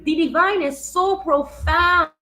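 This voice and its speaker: Slow-talking high-voiced woman vlogger. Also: pushed and bright, low-quality recording. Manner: casual, swears often, repeats herself. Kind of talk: personal storytelling vlog.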